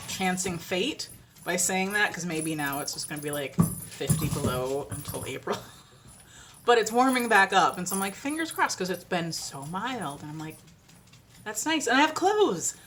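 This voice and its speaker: A woman with a fairly low, slightly bright voice vlogs from home in front of a ring-lit camera. Her chat rambles casually, packed with "like," fillers and laughter, over slight background noise.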